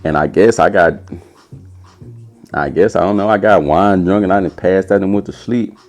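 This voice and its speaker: A young man telling a casual, animated story as a podcast host, putting on a high voice for quotes. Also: moderate pace, faint music behind.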